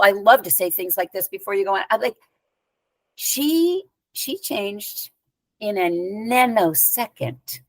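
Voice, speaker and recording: A woman guest in an interview, telling a personal story in a lively conversational way with casual asides. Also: medium pitch, slow pace, no echo. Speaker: spiritual teacher and guest.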